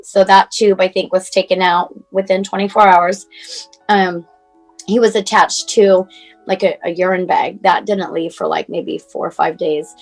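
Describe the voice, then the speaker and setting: Woman, forties, mother, emotional, halting, filler-heavy, near tears, video call, faint music. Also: lowish voice, steady tone, low-quality recording. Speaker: mother telling her son's story as guest. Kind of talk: personal storytelling, casual and unscripted.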